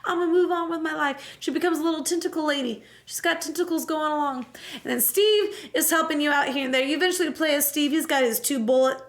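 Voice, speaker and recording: A young woman with a high, bright voice rattles through a game recap with lively, profane humor. She talks casually, like a streamer chatting with her viewers. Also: fast. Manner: animated, profane, jokey storytelling.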